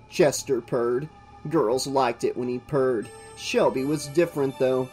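A channel host reading a horror novel aloud in steady audiobook narration. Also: mid-range voice, measured pace, soft background music. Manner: steady storytelling read.

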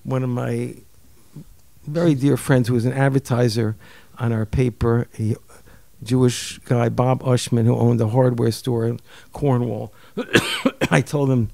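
An older man from New York telling a personal story in an interview, lively and acting out the people he quotes. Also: mid-range voice, a little slow, gravelly, dry recording. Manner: animated, acts out quoted voices, repeats words. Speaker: guest storyteller.

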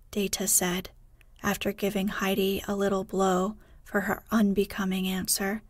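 A woman narrating a classic children's story for sleep in a soft, hushed, gentle voice on a close mic. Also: mid-range voice, completely flat delivery, normal speed, no room sound.

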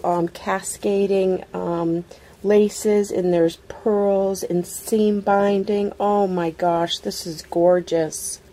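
Casually chatting in a mid-range voice, a woman vlogger opens a craft swap package and excitedly exclaims over each item she pulls out, gushing about every one.

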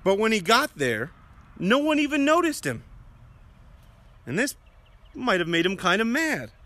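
A man giving a children's message at church, telling a story to the children in a gentle, questioning storyteller's way. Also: high-pitched, huge pitch swings, a little slow. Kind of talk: children's sermon.

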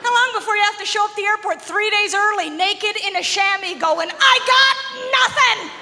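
A woman from Canada doing a stand-up comedy set, animated and laughing often as she acts out little voices. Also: very high-pitched, a little fast. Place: comedy club stage before a live audience. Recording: live hall recording with crowd noise.

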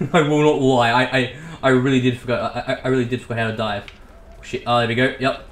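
A man giving excitable, casual commentary as he plays a game, swearing and talking to himself. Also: mid-range voice, a little fast. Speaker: gaming YouTuber. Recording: echoey room with faint background hiss.

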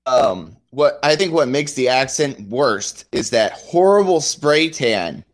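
A man co-hosting a podcast, chatting casually about a TV show in halting sentences. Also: mid-range voice, big pitch swings. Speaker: podcast co-host.

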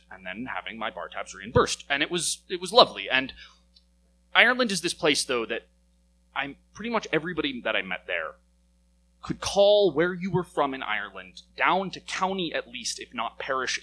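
A young American man telling a personal story at a live story slam, lively and wry, his voice climbing as the tale builds. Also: medium pitch, rough recording. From United States. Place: stage in a small venue.

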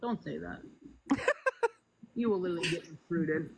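A woman's voice: lowish voice, normal speed, gravelly, slightly rough. Woman vlogger, playful and rambling, slips into a mock-official tone for a comic bit. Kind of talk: playful improvised skit.

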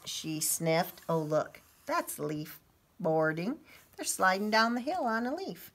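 A woman teacher reading a picture book aloud to children, expressive and pausing to ask the listeners questions. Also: lowish voice.

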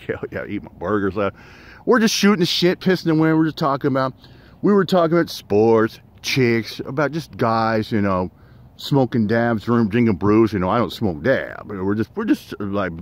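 A middle-aged man telling a story in a casual rant, profane and rambling, with lots of fillers and restarts. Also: medium pitch.

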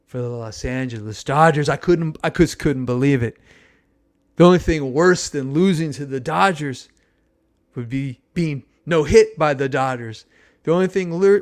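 Gravelly-voiced man telling a story. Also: fairly high pitch. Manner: animated, exclamatory storyteller. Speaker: podcast host. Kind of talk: nostalgic storytelling monologue.

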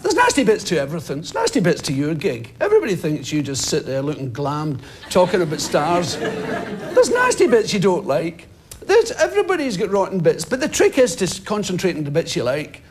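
In a TV studio with an audience, some noise, and laughter in the background, a fifties-aged comedian speaks in a high-pitched voice, fairly quickly. His animated interview stories keep swinging into loud shouted impressions of people he saw in the street.

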